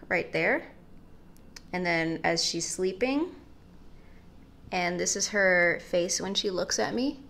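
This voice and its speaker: A young woman with a slightly low voice walks through her sketchbook in a loose, chatty vlog. She rambles and jokes, drifting into asides and filling gaps with casual fillers. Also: gravelly, fairly bright tone. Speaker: art vlogger.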